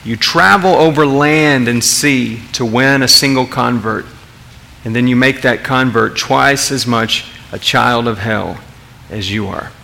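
A man's voice: medium pitch, a little slow, gravelly, pushed and bright. A man preaching a sermon as pastor, emphatic, asking the congregation rhetorical questions and often repeating words as he restarts.

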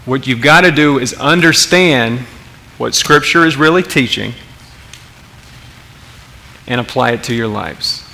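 A man's voice: medium pitch, measured pace, creaky, long pauses, bright, forceful tone, a little hiss or hum. A man preaching a sermon as pastor, emphatic, asking the congregation rhetorical questions and often repeating words as he restarts.

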